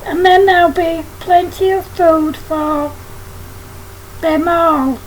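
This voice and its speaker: A woman voicing a caring older kid in a storybook who gently reassures the little ones. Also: extremely high pitch, fairly even intonation, takes it slowly, a little hiss or hum, low-quality recording. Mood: gentle.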